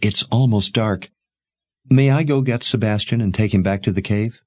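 A man voicing an earnest, worried young woman who speaks in hushed, pleading tones in a storybook reading. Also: lowish voice, normal speed, no room sound, voice pushed up, lightly acted. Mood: urgent.

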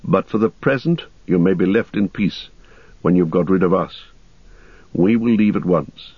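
A man voicing a grim, watchful ranger who speaks low, calm and measured, on a dull lo-fi recording. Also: husky, no room sound. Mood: terse.

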